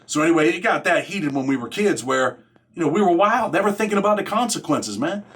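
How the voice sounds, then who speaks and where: A man's voice: fairly high pitch, expressive, a little fast, fairly bright tone, husky. A man hosting his own show, telling a story in a casual, streetwise, profane way and dropping "man" into nearly every phrase. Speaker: host.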